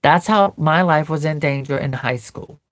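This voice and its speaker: Speaking at a moderate pace in a deep voice with no room sound, a doll collector vlogger shares a painful memory with her viewers. She tells it earnestly, bringing it to life in the present tense.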